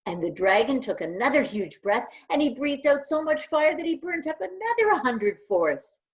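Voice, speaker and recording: A middle-aged woman reading a picture book aloud to young children, animated and asking them questions. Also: sits high, moderate pace. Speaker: children's storyteller.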